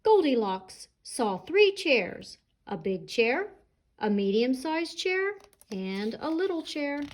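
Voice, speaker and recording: A woman who is a children's librarian, reading a picture book to small children and then walking them through a craft. Her voice is fairly high and swoops widely in a sing-song way. She takes her time over every phrase. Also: slow pace. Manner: sing-song, expressive storyteller. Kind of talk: storytime read-aloud and craft demo.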